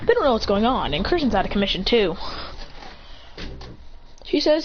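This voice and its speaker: A storyteller retelling a fan-made anime adventure, rushing along, restarting sentences and acting out each character's lines. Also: mid-range voice, very animated. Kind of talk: rambling fan-fiction retelling. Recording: slightly muffled with faint hiss.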